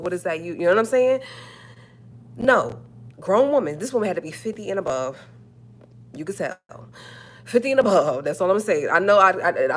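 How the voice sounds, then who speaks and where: A woman with a fairly low voice rants casually into a phone or webcam on her livestream. She is sassy and emphatic and keeps repeating her points. A faint hum sits behind her. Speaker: livestream host.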